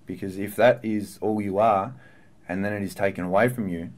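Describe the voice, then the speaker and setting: Earnest low-voiced footballer. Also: male voice, a little fast, darkish tone. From Australia. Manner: earnest, reflective, with frequent fillers and restarts. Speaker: professional footballer guest. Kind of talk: candid podcast interview.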